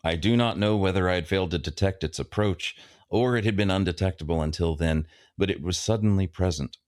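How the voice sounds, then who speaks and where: A man with a very low voice reads passages from a novel in a measured way. In discussion he sounds thoughtful and a little hesitant, feeling his way toward his points. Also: darkish tone, dry recording, clean studio sound. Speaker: podcast co-host. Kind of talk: reading aloud and casual book discussion.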